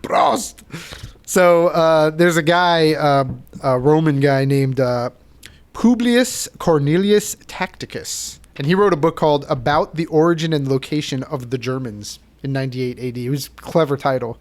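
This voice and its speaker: A man hosting a casual podcast, chatty and quick to laugh, with lots of fillers. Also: on the high side. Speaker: podcast host.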